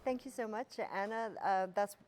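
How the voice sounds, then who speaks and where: A woman hosting a local TV show, relaxed and casual, with frequent fillers. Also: medium pitch, moderate pace. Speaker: TV show host. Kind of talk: casual TV interview.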